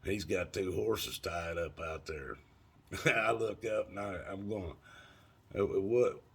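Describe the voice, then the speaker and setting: Gravelly deep-voiced storyteller man. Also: slow pace. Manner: rambling, folksy and profane, lots of fillers. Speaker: vlogger. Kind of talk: casual storytelling.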